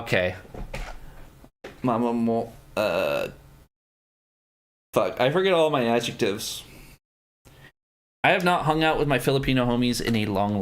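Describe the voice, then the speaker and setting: A man hosting a casual livestream. He talks with viewers in a rambling, profane way, full of fillers and restarts, and playfully tries out foreign words. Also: lowish voice. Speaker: livestream host.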